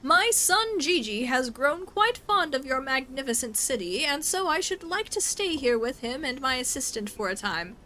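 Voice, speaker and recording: A woman voicing a pompous, flamboyant gentleman inspector in a game, speaking in a theatrical, grandiloquent way. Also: sits high, sing-song, normal speed, hardly any pauses, exaggerated voice, low-quality recording. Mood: grandiose.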